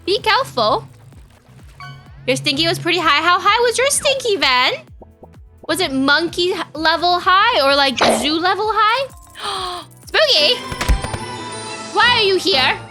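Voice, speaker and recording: A woman's voice: very high voice, expressive, a little slow, sharp tone, soft background music. A young woman, chatting casually with her viewers on a live stream, bubbly and chatty as she greets people and reads chat. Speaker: VTuber streamer.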